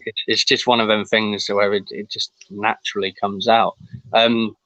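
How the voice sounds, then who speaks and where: A relaxed man hosts a podcast and keeps the questions coming. His voice is a little low and recorded dry and close. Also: normal speed, no room sound, rough recording. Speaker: podcast host. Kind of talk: casual podcast chat.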